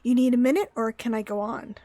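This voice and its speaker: A woman voicing a sly, teasing, disembodied game narrator, speaking low and mock-ominous. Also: steady tone, fast, warm tone, no echo, natural voice.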